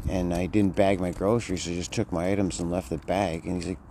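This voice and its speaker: Man vlogging outdoors, lowish voice, loose rambling delivery, traffic noise behind. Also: steady tone, quick pace, warm tone. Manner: rambling, slangy, says "dude" a lot. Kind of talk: casual rambling monologue.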